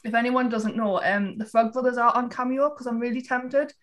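A woman's voice: a little high, steady tone, a little fast, fairly bright tone. A woman guest in a casual podcast chat, upbeat and giggly.

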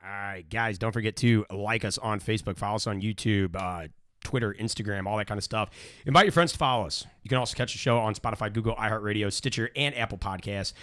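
A man's voice: fairly low pitch, fast, a bit bright. A man hosting a casual podcast, rambling with many fillers and restarts, also reading sponsor spots and show plugs. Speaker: podcast host. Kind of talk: casual podcast chat with ad reads.

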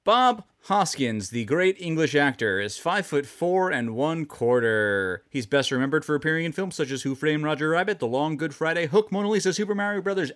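A man co-hosting a podcast, chatting casually with deadpan jokes. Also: on the high side. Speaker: podcast co-host. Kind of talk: casual comedic chat.

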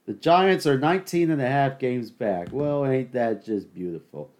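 A man's voice: medium pitch, expressive, normal speed, a little mellow. A man hosting a solo podcast, ranting sarcastically and doing joking play-by-play while watching a game. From suburban Southern US. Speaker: podcast host. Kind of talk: ranting solo commentary over a game broadcast.

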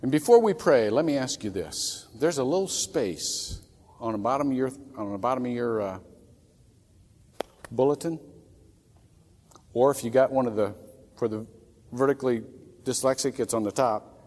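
A man preaching a sermon as a pastor, swinging from loud acted outbursts to soft, near-whispered pleas. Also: mid-range voice, normal speed, pauses often, slight background noise. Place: church sanctuary. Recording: long hall reverb from a church.

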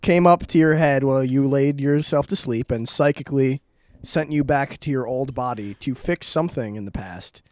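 A man's voice: mid-range voice, moderate pace, darkish tone, dry recording. A man in his twenties co-hosting a podcast, chiming in with teasing jokes and casual swearing. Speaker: podcast co-host. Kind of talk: casual chat.

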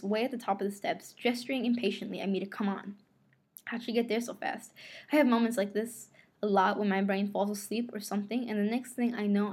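A woman reads a novel aloud in an expressive first-person voice. Her pitch sits in a mid range, and now and then she rereads a line after stumbling. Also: breathy edge. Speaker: audiobook reader.

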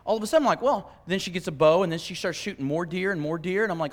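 A man, a pastor, preaching alongside his wife and telling animated stories that act out his own reactions. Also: high-pitched, rapid-fire, hardly any pauses, long reverb tail. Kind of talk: sermon shared with his wife.

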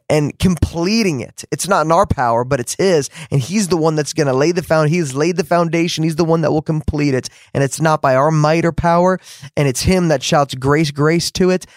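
A man's voice: fairly high pitch, no echo, clean studio sound. A man preaching a fervent podcast sermon, repeating words for emphasis and rising to exclamations.

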